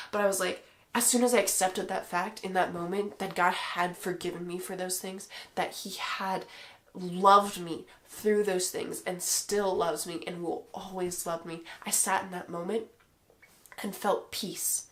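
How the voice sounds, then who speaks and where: A woman's voice: medium pitch, fairly even intonation, measured pace, fairly bright tone. A woman giving a personal faith testimony to the camera, talking earnestly and emotionally straight to her viewers.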